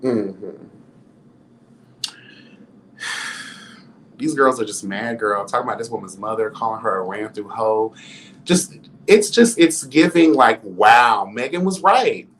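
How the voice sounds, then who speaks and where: A man's voice: on the low side, expressive, takes it slowly, long pauses, fairly bright tone, slight background noise. A man giving celebrity gossip commentary in a vlog. He talks in a sassy, campy, dramatic way and keeps throwing in exclamations. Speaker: commentary vlogger.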